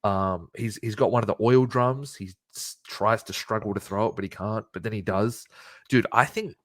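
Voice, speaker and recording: A man co-hosting a podcast, retelling a wrestling show in excited, profane casual chat. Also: fairly low pitch, normal speed, dry recording, clean studio sound. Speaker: podcast co-host.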